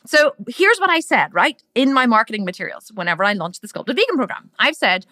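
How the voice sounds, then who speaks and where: A middle-aged woman with an Irish accent giving a loud, brash business training talk, swearing freely. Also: a little high, very animated, brisk, no echo, studio quality. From Ireland. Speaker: business coach.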